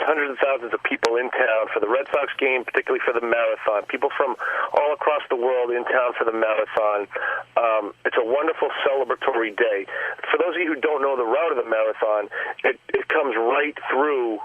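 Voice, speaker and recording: A man's voice: mid-range voice, dry recording. A man from the Boston area with a Boston accent, a guest friend talking casually and describing things enthusiastically. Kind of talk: casual phone chat. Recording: tinny dry phone line.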